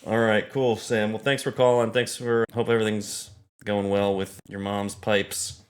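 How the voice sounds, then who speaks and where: A man's voice: on the low side, little pitch movement, normal speed. Easygoing man hosting a comedy podcast. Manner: easygoing, laughs often. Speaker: podcast host. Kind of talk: casual comedy podcast chat.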